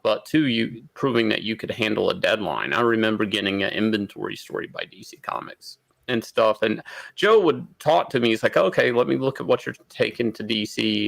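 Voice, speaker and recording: A man's voice: lowish voice, gravelly, dry recording, poor audio. A man, a comic artist, telling anecdotes in a casual panel chat and acting out what others said. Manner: storytelling, quotes others in lively voices.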